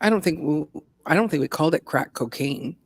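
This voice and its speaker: A woman in her fifties chats on a livestream, her pitch rising and falling in lively swings. She tells stories with energy and acts out the people she quotes. Her voice is dry and close to the mic. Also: a little fast, breathy edge, no echo. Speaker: livestream co-host. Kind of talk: casual chat.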